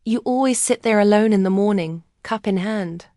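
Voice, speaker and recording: Narrator doing a bold, free-spirited painter in her fifties, direct and encouraging, middle pitch, dry close sound. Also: normal speed, warm tone, no room sound, close to an everyday voice. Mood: enthusiastic.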